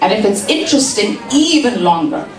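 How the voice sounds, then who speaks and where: A woman's voice: medium pitch, very animated, fairly quick, distant mic, crowd noise. A woman giving a humorous lecture to an audience in a large hall, teasing the listeners and repeating phrases for emphasis. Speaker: speaker at a community talk.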